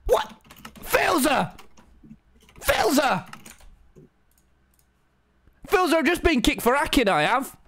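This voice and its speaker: A man's voice: very high voice, very animated, slow, pauses often, a bit bright, slight background noise. A young man streaming a game, swearing, laughing and joking. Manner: swearing, laughing, clowning in a put-on gruff local accent. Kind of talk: casual gaming chat.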